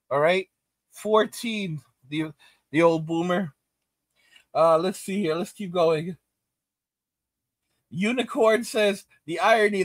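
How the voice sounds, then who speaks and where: A middle-aged man with a fairly high voice, ranting animatedly as he reads chat comments aloud. He laughs often and hammers points home by repeating them. The sound is close and dry, with no room around it. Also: a bit bright, no room sound. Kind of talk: casual reaction commentary.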